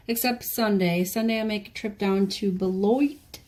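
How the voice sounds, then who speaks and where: A woman's voice: medium pitch, steady tone, moderate pace, hardly any pauses, a little mellow. A woman vlogging at home, chatting casually in a wry, meandering way full of asides. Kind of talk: casual rambling chat. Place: home, indoors.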